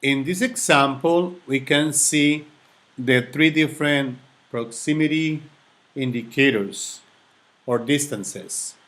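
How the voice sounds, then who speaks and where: Tutor, male, unhurried and methodical, mid-range voice. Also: medium pitch, fairly bright tone. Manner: slow, deliberate, repeats examples in two languages. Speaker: language tutor. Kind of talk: slide-based lesson.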